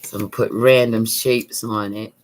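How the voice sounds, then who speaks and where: A woman giving a casual crafting tutorial, chatty and calm, thinking aloud while she works. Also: rumbling low, normal speed. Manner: calm, soothing. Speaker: craft vlogger.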